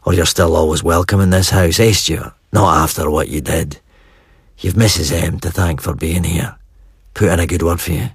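A contemptuous middle-aged patriarch, as a male reader puts him on, speaking in short, blunt jabs. The voice sits very low and a little husky. It is recorded dry and close, like a studio audiobook. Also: fairly even intonation, moderate pace, no echo, exaggerated voice. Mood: cold, scornful. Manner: blunt, clipped and disdainful. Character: gruff middle-aged Scottish clan patriarch, cold and contemptuous. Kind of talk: audiobook character voice.

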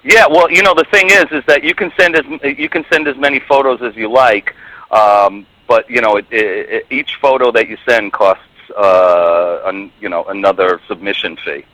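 Man, bright dry voice, rambling radio guest who restarts a lot. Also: fairly low pitch, fairly even intonation, dry recording, rough recording. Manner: rambling, halting, many restarts. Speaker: guest musician on a radio talk show. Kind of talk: casual radio chat.

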